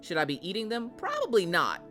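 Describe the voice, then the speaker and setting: A woman streamer in casual live chat with her viewers, a brash, profane, jokey storyteller who breaks into loud mock rants. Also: mid-range voice, huge pitch swings, brisk, music in the background. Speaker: streamer chatting with viewers while painting.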